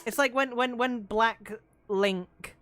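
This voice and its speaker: A woman streaming a game and chatting loosely as she goes. Her voice sits a little high but has an androgynous edge, and she rambles through fillers and swears freely. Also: slow, fairly bright tone, soft background music. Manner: rambling and profane, with many fillers. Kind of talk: casual chat while playing a game.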